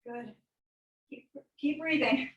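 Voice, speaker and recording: A woman's voice: high voice, takes it slowly, fairly bright tone, lo-fi sound. A young woman fitness coach leading a live workout class, calling out encouraging cues and countdowns while a little out of breath. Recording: echoey room, from far off.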